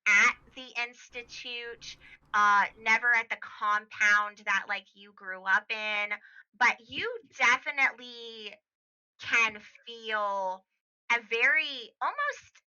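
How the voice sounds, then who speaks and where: A woman's voice: a little high, animated, slow, bright, forceful tone, clean tone. A woman narrating as game master of a tabletop game, chatty and full of fillers, heard on a dull lo-fi recording. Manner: chatty, many fillers and restarts, laughs easily.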